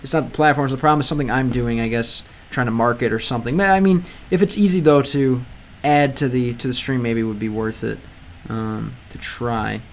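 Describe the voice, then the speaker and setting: In a mid-range voice, a little fast and with hardly any pauses, a man streams a game live as a way to learn Spanish. His casual chat is rambling and hesitant, full of ums and restarts, as he translates lines and answers viewers.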